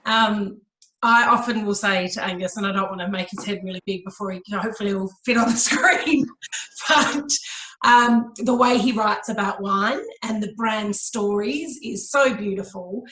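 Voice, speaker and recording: A woman's voice: medium pitch, normal speed, sharp tone. A woman co-hosting a wine show, chatting with enthusiasm. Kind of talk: casual chat. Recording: echoey room.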